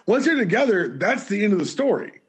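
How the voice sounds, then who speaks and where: A man's voice: high voice, big pitch swings, a little fast, slightly rough. A man co-hosting a casual review show, joking bluntly and swearing freely. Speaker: podcast co-host.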